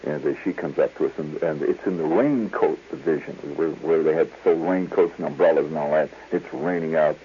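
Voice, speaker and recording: A man's voice: very deep voice, brisk, hardly any pauses, mellow, slight background noise. A man hosting a radio show, telling a digressive story in a chuckling, storytelling way. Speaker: radio host. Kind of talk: rambling storytelling monologue. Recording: tinny 1970s radio broadcast.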